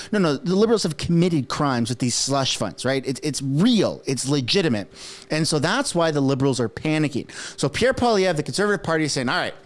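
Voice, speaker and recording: A man whose first language is French, giving casual political commentary in an animated, conversational way with frequent rhetorical asides. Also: a little high. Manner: acts out quoted speech in put-on voices.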